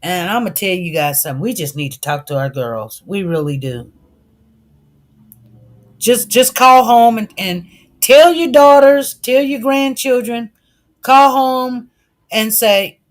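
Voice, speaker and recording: Animated woman telling a story, higher voice. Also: a little slow. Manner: animated, repeats herself, acts out quoted dialogue; addresses viewers directly. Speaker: livestream news commentator. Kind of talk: casual storytelling commentary.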